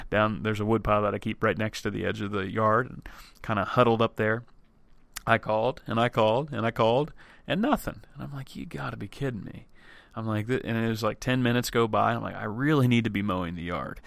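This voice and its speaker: A podcast host with a gravelly, fairly low and fairly bright voice opens his show by telling a personal story, apparently from a home or office. He's chatty, restarts often, and acts out his own thoughts in quotes. The recording is dry.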